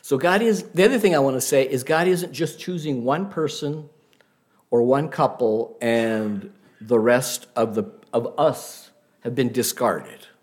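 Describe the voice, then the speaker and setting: A man preaching a sermon, telling stories in an unhurried way and asking the listeners rhetorical questions. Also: medium pitch.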